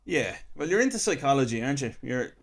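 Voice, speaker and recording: A man's voice: medium pitch, big pitch swings, fast, gravelly. A man hosting a casual interview chat, mostly giving short encouraging replies. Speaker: podcast host.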